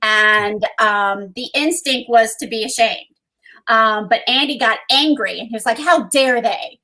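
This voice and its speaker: A woman's voice: on the high side, measured pace, sharp tone. A woman co-host telling a personal story in conversation, earnest, with frequent ums. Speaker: co-host and guest.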